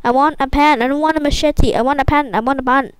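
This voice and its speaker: Young woman, high-pitched, dry close sound, excitable gameplay commentary, repetitive exclaiming. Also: fast talker, no room sound, poor audio. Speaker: gaming YouTuber.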